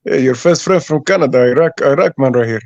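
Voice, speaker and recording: A man's voice: medium pitch, fast talker, gravelly, darkish tone, dry recording, highs cut off. A man calling in to a boxing talk show, joking around in a put-on heavy accent. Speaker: caller. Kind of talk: casual chat.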